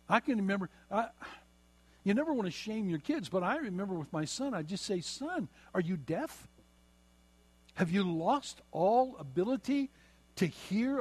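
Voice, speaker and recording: A middle-aged man preaching a sermon, slowing down and repeating phrases for emphasis. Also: fairly high pitch, darkish tone, husky. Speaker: pastor.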